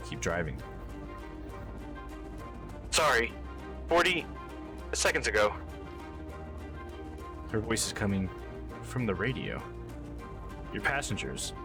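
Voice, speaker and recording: A man live-streaming a game, chatting with viewers and reading the game's text aloud. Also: on the low side.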